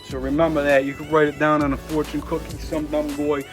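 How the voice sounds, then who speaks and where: A man with a fairly high voice gives a casual motivational talk from home. He rambles and loops back on his ideas, keeping things upbeat. His speech is thick with "you know" and "man". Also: flat delivery, a little fast, music in the background. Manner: rambling and upbeat, many 'you know' and 'man'. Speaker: wellness vlogger. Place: at home, seated in a chair.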